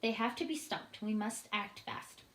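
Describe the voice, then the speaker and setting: A woman's voice: mid-range voice, a little slow, slight background noise, close to an everyday voice. A woman voicing a composed queen in a read-aloud storybook, giving commanding orders. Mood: firm. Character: composed female queen, firm and tactful. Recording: roomy echoing room.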